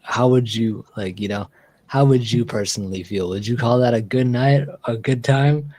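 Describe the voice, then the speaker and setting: A man's voice: mid-range voice, normal speed, a little mellow, no echo, rough recording. A man streaming casually, telling a long story with lots of fillers and restarts. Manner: rambling storyteller with many fillers. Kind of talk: casual live-stream chat.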